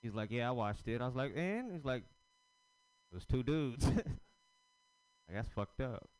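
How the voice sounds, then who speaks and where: A man's voice: medium pitch, moderate pace, darkish tone, dry recording, poor audio. A man doing a stand-up set, telling crude stories in a loose, rambling way. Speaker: stand-up comedian. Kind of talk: stand-up set at an open mic.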